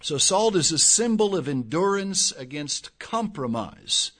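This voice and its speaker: Preaching in an unhurried, sing-song manner, an older pastor alternates soft, thoughtful asides with loud, forceful climaxes. He frequently repeats words to build his argument before the congregation.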